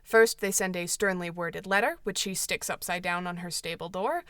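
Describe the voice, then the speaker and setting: A woman's voice: on the low side, normal speed, fairly bright tone, no room sound, clean studio sound. A woman hosting a book club show, summarizing an old novel with wry, joking asides.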